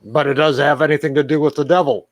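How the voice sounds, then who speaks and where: A man's voice: on the high side, steady tone, fast, dry recording, studio quality. A man co-hosting a podcast, teasing his partner in casual chat. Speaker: podcast co-host.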